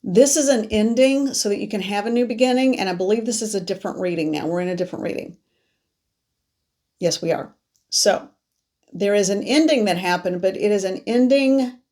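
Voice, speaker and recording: A woman's voice: mid-range voice, darkish tone. A woman psychic reader talking viewers through a card reading, musing aloud as she lays out cards. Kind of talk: spoken tarot reading to viewers.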